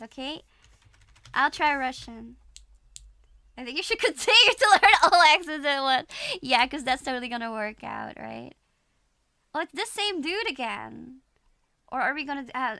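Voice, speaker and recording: A woman's voice: sits high, animated, normal speed, gravelly, sharp tone, dry recording. A woman streamer chatting and reacting, giggly and teasing, repeating words playfully. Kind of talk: live-stream reaction chat.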